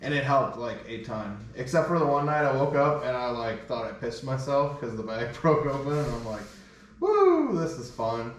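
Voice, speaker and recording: A man hosting a casual podcast, telling a crude story with animated quoted voices. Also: mid-range voice, moderate pace, few pauses, slight background noise. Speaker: podcast host. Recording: echoey room from far off.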